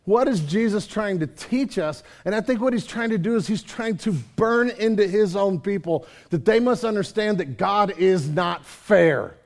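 A man preaching a sermon, telling a parable with animated storytelling and acting out the characters. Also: sits high, normal speed, few pauses. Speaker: pastor.

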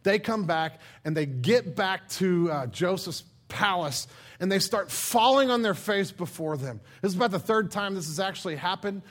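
Guy preaching, tells the bible story all animated, slangy, voice kinda high. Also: moderate pace. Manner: animated storytelling, acts out characters' lines in casual slang. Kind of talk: sermon retelling a Bible story.

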